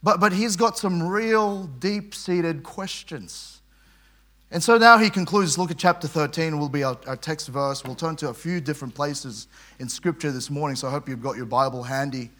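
Male preacher with a bright, slightly high voice, stumbling over repeated words as he explains scripture. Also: normal speed. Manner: conversational preaching with frequent repetitions and quoted scripture. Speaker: pastor. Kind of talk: sermon.

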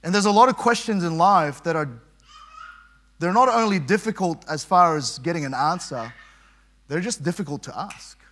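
A man's voice: fairly high pitch, moderate pace, a bit bright. A man preaching a sermon, reading scripture aloud and talking it through in a conversational way, with frequent repeated words. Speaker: pastor.

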